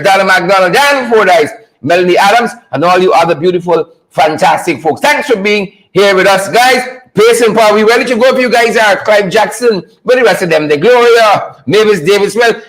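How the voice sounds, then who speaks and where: A man's voice: sits high, a bit bright, poor audio. A man hosting a live online talk show, fired up, repeating catchphrases and greeting viewers by name.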